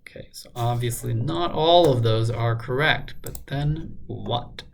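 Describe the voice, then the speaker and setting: A man solving a crossword out loud, muttering guesses and filling pauses with lots of ums and uhs. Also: medium pitch, gravelly, a little hiss or hum. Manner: muttering, hesitant, many fillers. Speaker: crossword solver. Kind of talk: thinking aloud while solving a puzzle.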